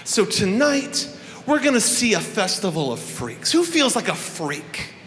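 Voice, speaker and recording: A man's voice: sits high, big pitch swings, unhurried, a bit bright, a little hiss or hum. A man hosting a live festival opening on a handheld microphone, addressing the crowd in a playful, profane, theatrical way. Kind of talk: live stage address to an audience. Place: live venue hall. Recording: echoey hall with faint room ambience.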